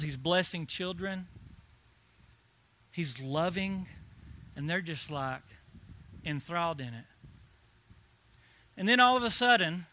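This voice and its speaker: A male pastor telling a story in a sermon, animated, swinging between hushed and loud delivery. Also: high-pitched, no echo.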